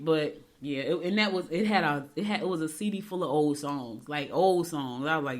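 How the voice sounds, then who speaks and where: Woman, middle-aged, lower voice, chatty horoscope host, storytelling asides. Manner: talks fast when excited. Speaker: radio show host. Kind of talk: casual horoscope segment with chat.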